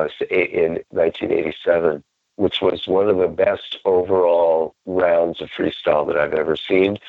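A man's voice: low voice, gravelly, no echo, phone-quality sound. A man guest telling a story in a loose, rambling way, often restarting mid-sentence. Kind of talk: casual storytelling.

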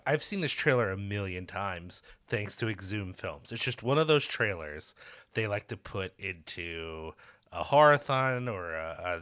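A man's voice: lowish voice, bright, forceful tone. A man on a film podcast talking in a rambling, self-interrupting way, enthusiastic about the movie. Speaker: podcast guest. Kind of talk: casual film discussion.

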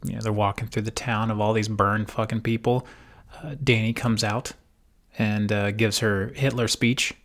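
A man from Ohio co-hosts a casual podcast, talking in a loose, jokey way. He swears a lot and breaks into quick put-on voices for the characters as he recaps. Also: fairly low pitch, fairly even intonation, fairly bright tone. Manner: profane, jokey, acts out characters' lines. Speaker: podcast co-host.

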